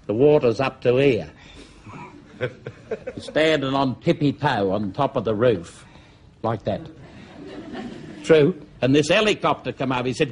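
A man's voice: medium pitch, normal speed. An older Australian comedian telling jokes in a rambling, chuckling way, full of "he said, uh". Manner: rambling, chuckling storyteller with many "he said, uh". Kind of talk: stand-up joke telling. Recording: TV studio with faint noise.

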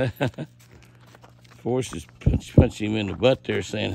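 A man's voice: fairly low pitch, a little slow, creaky, pauses often, darkish tone. A man narrating a casual ranch vlog outdoors, chatting to his animals as he feeds them. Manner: chatty, talks to the animals while feeding them. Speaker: ranch owner.

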